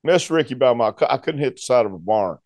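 Talking fast at a medium pitch, an ex-wrestler spins a story in a relaxed chat, laughing a lot and performing each character's voice with energy. There's no echo on the audio.

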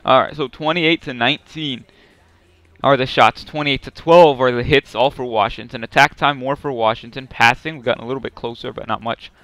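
Excitable man yelling over a hockey game. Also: medium pitch, brisk, no room sound. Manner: swings from muttering to loud yelling at plays. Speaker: gaming YouTuber. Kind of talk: excited play-by-play gameplay commentary.

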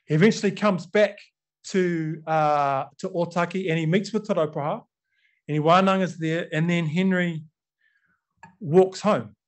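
A man's voice: a little high, fairly even intonation, measured pace. A middle-aged man with a New Zealand accent giving a conversational storytelling talk to an audience, acting out quotes and using many fillers.

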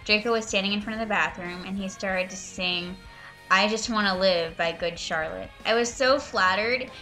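A woman's voice: medium pitch, moderate pace, sharp tone, soft background music. A woman on a voice call reads out a badly written story in an exaggerated way. She adds mocking, profanity-laced commentary between the passages. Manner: sarcastic, swearing, breaks into laughter. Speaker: reader and commentator. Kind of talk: mocking dramatic reading with commentary.

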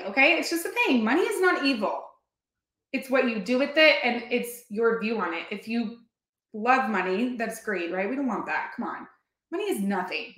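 A woman's voice: on the high side, fairly bright tone, roomy sound. A woman hosting a motivational workshop, talking earnestly and emphatically, often repeating herself. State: near tears at times. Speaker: workshop host and coach.

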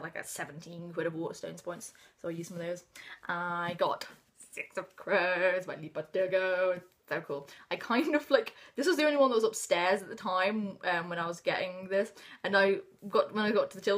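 Fields: rambling young English woman vlogger. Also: fairly low pitch. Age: 20s. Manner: rambling, self-interrupting, excitable; swings into hushed whispers. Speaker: book vlogger. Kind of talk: casual book haul chat.

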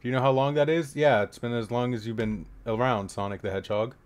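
A man making jokey, profane reaction commentary on a horror game, trading mumbled asides for sudden shouted outbursts. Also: medium pitch, steady tone, fast talker.

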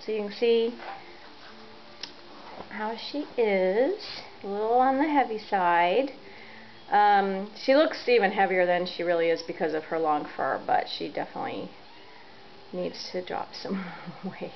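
Gentle chatty woman filming her cat at home, unhurried, muffled lo-fi sound with faint hiss. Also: mid-range voice. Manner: gentle, chatty, soft laughs. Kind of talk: casual home video narration. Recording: dull lo-fi home video audio.

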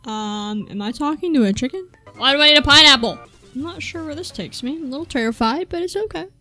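A woman's voice: high-pitched, lively intonation, fast, pushed and bright, soft background music. A woman giving casual, profane, exasperated commentary while playing a video game, talking back at the characters on screen. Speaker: let's play gamer. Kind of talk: gameplay commentary.

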